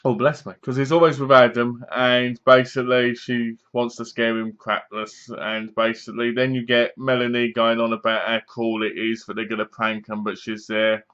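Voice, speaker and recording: A man's voice: medium pitch, completely flat delivery, normal speed, hardly any pauses, fairly bright tone, clean tone. A man giving a casual, rambling spoken review of a horror film, with frequent restarts and asides. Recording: dull lo-fi home recording.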